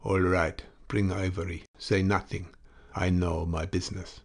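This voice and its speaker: Man doing an impassive clerk in broken English. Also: deep voice. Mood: urgent. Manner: broken English, unhurried and even. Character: calm, impassive male station clerk. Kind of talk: audiobook character voice.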